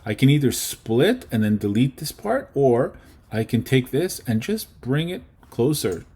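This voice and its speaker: A man's voice: medium pitch, very animated, unhurried, dark tone, husky. A man teaching a casual lesson on video editing, chatty and often checking in with his students. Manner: chatty, checks in with okay and right.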